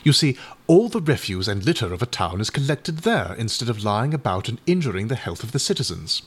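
A man reading aloud and voicing a mild, doubtful Edwardian gentleman who speaks politely and hesitantly. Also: mid-range voice, sing-song, a little fast, husky. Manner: hesitant, polite, a little flustered.

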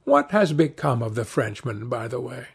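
Male narrator voicing a grave, earnest gentleman painter; gravelly audiobook delivery. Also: medium pitch, moderate pace.

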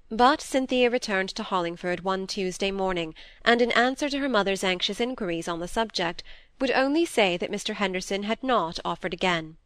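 A woman narrating a classic novel in a measured audiobook reading. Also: mid-range voice, a bit bright, dry recording. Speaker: audiobook reader.

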